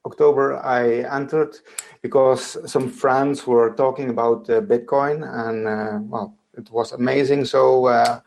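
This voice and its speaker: A man's voice: medium pitch, fairly even intonation, measured pace, creaky, a little mellow. A man from the Netherlands with a Dutch accent, a guest in a casual chat, hesitant with many fillers.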